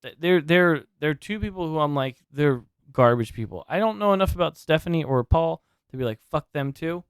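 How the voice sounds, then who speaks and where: A man's voice: on the high side, expressive, brisk, hardly any pauses, clean tone, no echo, studio quality. A man co-hosting a podcast in casual chat, rambling and swearing freely as he rants. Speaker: podcast co-host.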